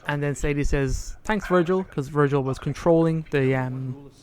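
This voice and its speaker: A man's voice: on the high side, flat delivery, normal speed, a little mellow. A man co-hosting a podcast, retelling a story casually and acting out quoted lines along the way. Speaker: podcast co-host. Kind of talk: casual chat recapping a story.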